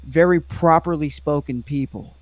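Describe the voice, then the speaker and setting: A man's voice: on the high side, normal speed, dry recording. A man giving his take on a comic's writing in a casual podcast chat, hesitant and restarting his sentences as he works out his point. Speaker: comic book reviewer.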